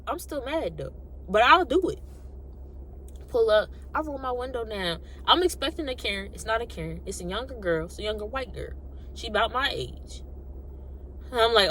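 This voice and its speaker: A young adult woman casually telling a personal story, animated and colloquial, acting out what people said. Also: fairly high pitch, a little fast. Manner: animated, acts out quotes, colloquial. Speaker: vlogger.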